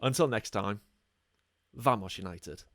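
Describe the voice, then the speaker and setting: A man's voice: on the low side, unhurried, dry recording, studio quality. A man with an English accent hosting a casual podcast, rambling along with lots of ums. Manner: relaxed, rambling, many ums. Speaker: podcast host.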